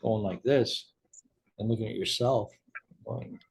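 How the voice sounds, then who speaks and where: A man's voice: lowish voice, a little slow. A man hosting an interview, speaking reflectively and giving short agreeing replies. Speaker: interview host. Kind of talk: casual interview chat.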